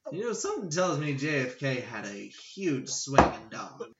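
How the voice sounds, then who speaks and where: A man's voice: on the high side, very animated, normal speed, roomy sound, lo-fi sound, very noisy. A man co-hosting a podcast in casual chat, cracking jokes and laughing often. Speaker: podcast co-host.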